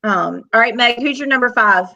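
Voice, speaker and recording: A woman hosting a casual chat, talkative and quick to laugh. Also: fairly high pitch, gravelly, pushed and bright, dull audio. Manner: chatty, laughs often, multitasking. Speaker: host.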